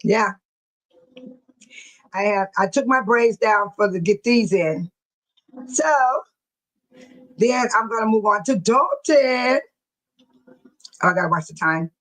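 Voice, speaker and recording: A woman's voice: mid-range voice, animated, slow, long pauses, a bit bright, rough recording. An older woman, a grandmother, chatting casually with viewers on her livestream, telling stories and laughing often. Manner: addresses viewers by name. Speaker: livestream host.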